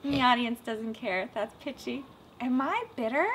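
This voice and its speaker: A woman being interviewed about her travels and voice work, talking in an animated, self-mocking way and slipping into short sung demonstrations. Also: on the low side, normal speed, slight background noise, low-quality recording. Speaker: interviewee, voice actor and dialect coach. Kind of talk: casual interview with playful demonstrations.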